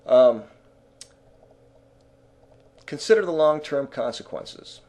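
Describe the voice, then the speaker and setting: A man's voice: a little high, animated, takes it slowly, darkish tone. A man talking through music business advice in a casual, conversational way, with frequent fillers and restarts.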